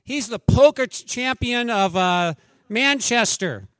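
A man doing a cheerful old pastor, bursting with exclamations and pitched well above his normal speaking voice. The sound is dry, with the mic close. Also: animated, takes it slowly, a bit bright, dry recording, full character voice. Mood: delighted. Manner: gushing, exclamatory. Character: excited cheerful male pastor, older.

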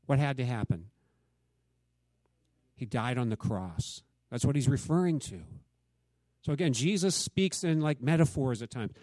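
A man from the United States, a church teacher, leads a Bible study in a casual, conversational style, quizzing his listeners and acting out the quotes he reads. His mid-range, slightly mellow voice has lively intonation and a measured pace with long pauses, and there's no echo.

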